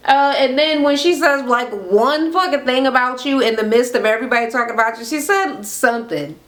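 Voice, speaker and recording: A woman's voice: high voice, brisk, hardly any pauses. Blunt, cussing woman recapping reality TV. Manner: blunt, sarcastic, heavy swearing, animated retelling. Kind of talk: casual profane recap rant. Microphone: camera mic.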